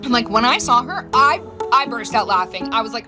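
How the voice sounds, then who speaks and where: A middle-aged mother casually telling a funny story, animated and laughing as she acts out quotes. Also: on the high side, quick pace. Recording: loud music underneath.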